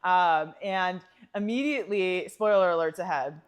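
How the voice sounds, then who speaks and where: A woman co-hosting a podcast in casual chat, telling stories with lots of laughter and animated asides. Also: lowish voice, a little slow, clear, resonant tone. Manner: animated storyteller, laughs often, acts out quoted lines. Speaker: podcast co-host.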